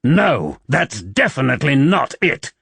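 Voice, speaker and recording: A man voicing a brooding, persuasive young nobleman who speaks with low, coaxing intensity in an audiobook. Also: big pitch swings, measured pace, creaky, fairly bright tone, husky, no room sound, full character voice.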